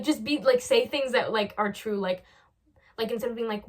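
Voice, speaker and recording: A woman's voice: mid-range voice, moderate pace. Young woman vlogging jokey advice, rambly, acts out both people in skits. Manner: rambling, acts out both sides of dialogues with laughter. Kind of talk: casual comedic advice.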